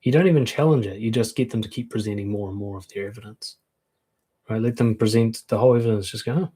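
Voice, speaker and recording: A man's voice: fairly low pitch, fast talker, mellow, slightly rough. A man coaching on relationships in a live-streamed talk, frank and conversational, acting out quoted comebacks.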